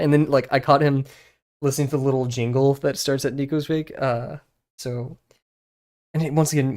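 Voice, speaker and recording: A man's voice: medium pitch, a little mellow. A young man streaming live as he draws, chatting casually with lots of fillers and muttering to himself as he sketches. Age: young adult. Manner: rambling, many fillers, muttering while sketching. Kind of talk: casual chat while drawing.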